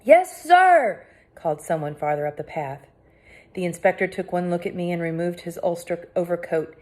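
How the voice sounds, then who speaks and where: A woman's voice: fairly low pitch, little pitch movement, a little fast. Dramatic woman narrating an audiobook. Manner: dramatic, swinging between hushed and cried out. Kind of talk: first-person audiobook narration.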